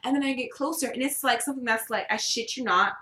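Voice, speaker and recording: A woman's voice: on the high side, quick pace, echoey room. A young woman co-hosting a casual podcast, telling a story with lots of swearing and laughter. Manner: animated storytelling, swears a lot, laughs often. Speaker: podcast co-host. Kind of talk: casual chat.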